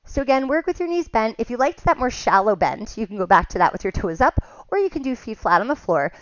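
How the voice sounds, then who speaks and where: Woman, pilates instructor, steady counted cues, dry slightly dull audio. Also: on the high side, quick pace, no room sound. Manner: calm step-by-step cueing with counts. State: slightly out of breath at times. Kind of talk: guided exercise class cues.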